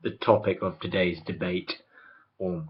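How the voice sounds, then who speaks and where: A young video blogger rants casually to camera about a film franchise, rambling opinionatedly and cutting himself off to restart sentences. His voice is low and flat at a measured pace, in a dull lo-fi recording.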